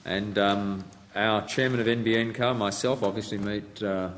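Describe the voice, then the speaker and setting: A man testifying before a parliamentary committee, answering in a measured, hesitant way with frequent restarts. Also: on the low side, steady tone, a bit bright, a little hiss or hum. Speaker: company executive answering senators. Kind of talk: formal hearing testimony.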